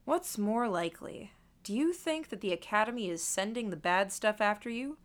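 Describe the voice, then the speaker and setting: A composed male shepherd leader, as a woman reads him in an audiobook. He speaks in a measured, steady way, probing with calm questions. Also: medium pitch, close to an everyday voice.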